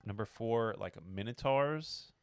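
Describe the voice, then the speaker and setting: A man's voice: lowish voice, lively intonation, takes it slowly, smooth, no room sound, studio quality. A man co-hosting a casual podcast, hesitant and full of fillers as he searches for words. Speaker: podcast co-host. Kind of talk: casual chat.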